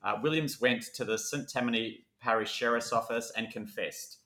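A man's voice: mid-range voice, normal speed, pushed and bright, reverberant. A man co-hosting a casual true crime podcast, reading case notes and riffing with jokes. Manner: jokey, reads case notes then riffs. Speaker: podcast co-host.

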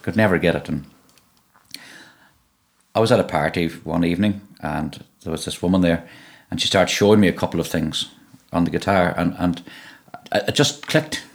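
A middle-aged Irish man with a Donegal accent, telling stories in an interview in a relaxed way, often repeating and restarting words. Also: low voice. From Ireland (Donegal). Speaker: musician guest. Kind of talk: conversational interview.

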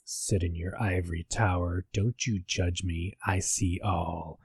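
A man voicing a creepy male prank caller in a low, slow, menacing murmur. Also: steady tone, creaky, a little mellow, breathy edge, no echo, full character voice.

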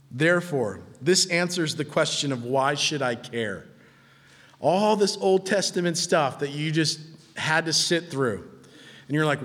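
A man preaching a sermon, conversational and emphatic, who swings from low, quiet stretches to high, loud ones and chuckles at his own points. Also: expressive, measured pace, big-room sound. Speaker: pastor.

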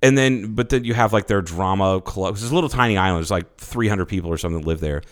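A man co-hosting a podcast, chatting casually with animated, profane, rambling enthusiasm. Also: low voice, quick pace. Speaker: podcast co-host. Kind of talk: casual chat.

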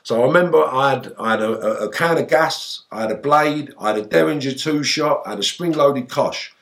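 Guy, ex-crook vibe, swears constantly, yells out the quotes in his stories. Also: mid-range voice, a little fast. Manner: animated storyteller, shouting out quoted outbursts, heavy swearing. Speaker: interview guest, former gangster. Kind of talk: casual storytelling interview.

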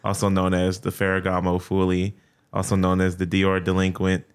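A man guesting on a podcast, talking casually in an unhurried, hesitant way. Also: sits low, monotone, clean tone. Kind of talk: casual chat.

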